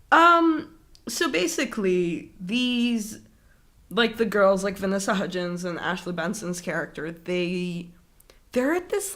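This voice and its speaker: A young woman co-hosting a podcast in casual chat, animated, swearing, laughing and using lots of fillers. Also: medium pitch. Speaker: podcast co-host.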